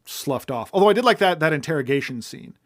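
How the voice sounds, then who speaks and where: A man's voice: fairly high pitch, animated, quick pace. A man co-hosting a podcast, chatting casually about a film and thinking aloud as he critiques it. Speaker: podcast co-host. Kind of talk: casual film-review chat.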